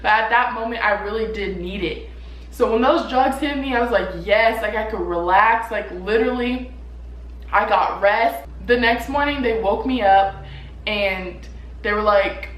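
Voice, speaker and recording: A woman's voice: on the high side, unhurried, fairly bright tone. A young woman vlogger telling a personal story in a chatty way, with filler words every few words. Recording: roomy echo with faint ambience.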